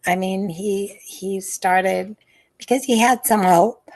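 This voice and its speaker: Older woman with a gravelly voice. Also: medium pitch, steady tone, slow pace. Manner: hesitant, many fillers and restarts, soft sighs. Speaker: interview guest, former nurse. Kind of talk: recalling memories in an interview.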